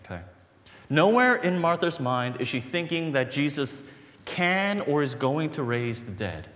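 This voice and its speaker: Animated male pastor preaching in a reverberant hall. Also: fairly high pitch, a little slow. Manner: conversational, animated, frequent "right?" and "okay?". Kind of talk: sermon.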